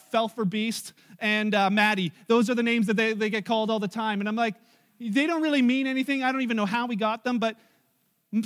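A middle-aged pastor with a strikingly high voice preaches to his congregation. He tells anecdotes in a lively, conversational way, acts out quotes and teases people in the room. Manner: animated, storytelling with acted quotes and audience asides. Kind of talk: sermon.

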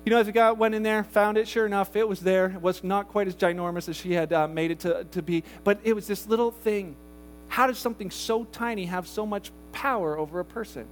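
A man's voice: high voice, a little fast, slight background noise. A man preaching a sermon to a church congregation, talking casually and asking his listeners rhetorical questions. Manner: grows loud and animated in the story he tells. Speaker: pastor.

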